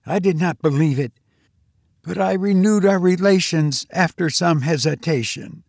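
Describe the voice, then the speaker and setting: A man reading a story aloud as an audiobook narrator, in a measured, deliberate manner. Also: on the high side, vocal fry, darkish tone, dry recording, clean studio sound. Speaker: audiobook reader.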